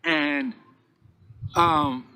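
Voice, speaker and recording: Man recounting a feud, animated and profane, recorded with audible noise behind. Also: very high-pitched, drawn-out words, gravelly. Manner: animated, profane, repeats phrases, acts out quotes. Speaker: guest telling his story. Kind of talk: casual storytelling.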